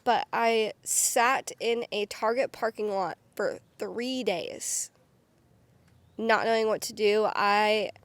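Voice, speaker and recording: A young woman telling her own story to the camera in a casual, candid way, full of "like" and quick restarts. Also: mid-range voice, dry recording. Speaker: vlogger.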